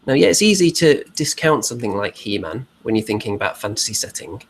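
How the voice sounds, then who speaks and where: A man's voice: lowish voice, big pitch swings, quick pace, husky. A man co-hosting a casual online chat show, talking in a chatty way with rhetorical asides. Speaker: podcast co-host.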